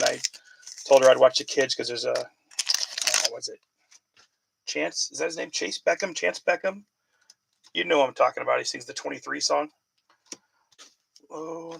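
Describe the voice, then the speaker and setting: Gravelly man chatting through a card break. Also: mid-range voice, a bit bright, rough recording. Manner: chatty, calls out player names while reading questions from viewers. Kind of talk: casual live card-break chat.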